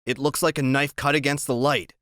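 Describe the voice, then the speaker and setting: A man narrating a novel in the first person, steady and unhurried. His voice sits at a middling pitch, and the recording is dry with no room sound. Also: dry recording. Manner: steady, plain storytelling. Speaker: audiobook narrator.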